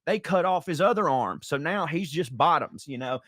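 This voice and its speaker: A man with a Southern US accent, co-hosting a podcast and telling jokes in a casual chat, jumping into loud put-on voices. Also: on the high side, lively intonation, moderate pace, no echo, clean studio sound. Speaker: podcast co-host.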